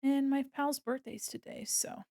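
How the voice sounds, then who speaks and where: A woman's voice: high-pitched, fairly even intonation, a little slow, creaky, mellow, no room sound, clean studio sound. A young woman chatting casually to her viewers while drawing on a live stream, giggly and self-deprecating. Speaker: art streamer.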